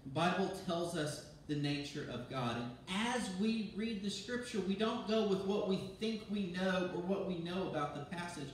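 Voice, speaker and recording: A man, a pastor, giving a sermon in a lively, conversational way, often restarting his sentences. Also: sits high, normal speed, hardly any pauses, slight background noise. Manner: animated, conversational preaching with restarts. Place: church sanctuary. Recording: very echoey church from far off.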